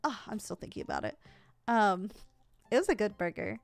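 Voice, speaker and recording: A woman's voice: mid-range voice, big pitch swings, normal speed, vocal fry, no echo. A woman streamer chatting casually, telling stories with lots of laughter and fillers. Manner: giggly storytelling, frequent laughs and fillers. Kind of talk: casual chat. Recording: dry close mic, faint music behind.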